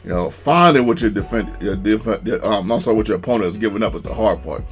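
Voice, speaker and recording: A man giving casual, chatty commentary over his own football video game match, laughing often and getting excited at big plays. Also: fairly low pitch, fast, soft background music. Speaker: gaming YouTuber.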